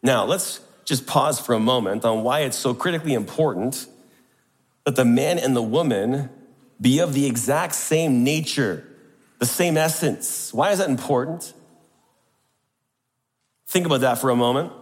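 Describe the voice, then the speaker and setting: A man's voice: medium pitch, normal speed, pauses often, big-room sound. A man preaching a sermon to a congregation, emphatic and posing rhetorical questions.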